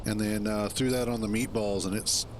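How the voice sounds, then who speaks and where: A man streaming a game, chatting in a relaxed, rambling way and chuckling to himself as he plays. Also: on the low side, moderate pace, noisy background. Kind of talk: casual gameplay commentary.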